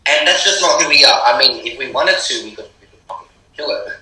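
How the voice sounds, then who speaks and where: A man's voice: medium pitch, animated, quick pace, recorded from a distance, a crowd in the background. A young Australian man, a rapper, talking earnestly in a casual interview, repeating words to stress his points. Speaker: rapper guest. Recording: roomy sound from off-mic.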